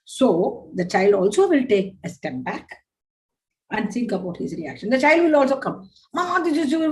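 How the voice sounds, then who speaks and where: Over a rough recording, a woman with a fairly high voice leads a parenting workshop. She is emphatic and repetitive, and in quick, animated asides she often plays the part of scolding parents.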